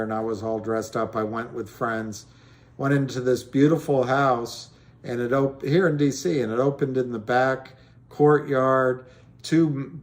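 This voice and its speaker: Slow rambling middle-aged man. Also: mid-range voice. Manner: rambling, storytelling, many restarts. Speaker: livestream host answering callers. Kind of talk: rambling live-stream chat.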